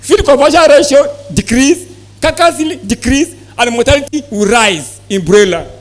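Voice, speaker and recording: High-voiced man lecturing farmers. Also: lively intonation, normal speed. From Nigeria. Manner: asks the audience questions, repeats points. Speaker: sales manager giving a farm talk. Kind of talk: live seminar presentation.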